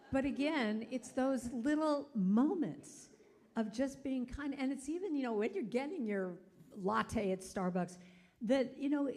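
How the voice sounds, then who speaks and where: A middle-aged woman giving a chatty sermon, telling stories and acting out quotes. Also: fairly high pitch. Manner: chatty, animated storytelling with acted-out quotes. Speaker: guest speaker. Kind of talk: sermon storytelling. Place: church sanctuary.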